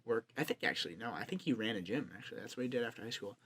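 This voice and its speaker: A man's voice: fairly low pitch, lively intonation, rapid-fire, a bit bright, slightly rough. Laid-back young man rambling and swearing. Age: young adult. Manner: rambling, laughs often, swears freely. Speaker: podcast co-host. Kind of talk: casual chat. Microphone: headphones and podcast mic.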